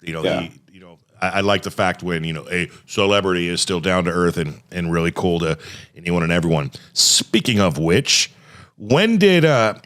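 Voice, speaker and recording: A man with a fairly low voice hosts a podcast, chatting with his guest in a laid-back, friendly way. His talk is loose and casual, and he often drops in "man". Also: animated, moderate pace, fairly bright tone. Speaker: podcast host. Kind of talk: casual interview chat.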